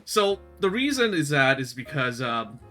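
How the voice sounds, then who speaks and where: A man's voice: a little high, big pitch swings, a little slow, pushed and bright, faint music behind. A man whose first language is a southern Chinese dialect related to Cantonese, chatting casually as a guest, laughing often and rambling with many fillers. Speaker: guest voice actor. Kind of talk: casual chat.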